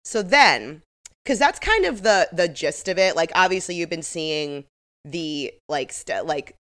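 A woman's voice: lowish voice, expressive, unhurried, fairly bright tone. A young woman co-hosting a podcast, chatting casually and animatedly, swearing freely and acting out the quotes she retells. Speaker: podcast co-host. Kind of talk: casual chat recapping reality TV.

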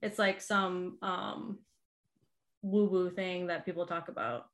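A woman's voice: on the low side, steady tone, takes it slowly, a bit bright. A woman in her thirties from the Boston area, chatting casually and laughing often, with lots of "like" fillers. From Boston area, Massachusetts. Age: 30s. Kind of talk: casual chat.

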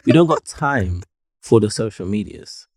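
A man's voice: lowish voice, animated, a little slow, background noise. A young man co-hosting a casual podcast chat, playful and steering the conversation. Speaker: podcast co-host.

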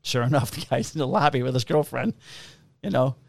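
A man's voice: medium pitch, a little fast, vocal fry, no echo, studio quality. A man who works as a police officer, telling profane stories in a casual chat and acting out both sides of the conversations.

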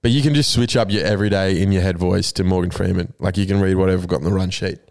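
A man's voice: deep voice, quick pace, creaky. A man with an Australian accent, co-hosting a podcast in casual banter and telling rambling stories with plenty of swearing. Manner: animated rambling storyteller, swears freely. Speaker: podcast co-host.

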